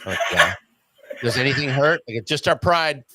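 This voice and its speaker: A man's voice: mid-range voice, expressive, normal speed, very noisy. A man telling a story as an interview guest, in casual talk that acts out the quoted voices and swears freely.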